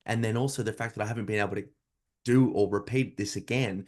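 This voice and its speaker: A man hosts a podcast in a relaxed conversation. His voice sits on the low side, and he reflects aloud in long, loosely built sentences. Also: quick pace. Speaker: podcast host. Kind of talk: casual chat.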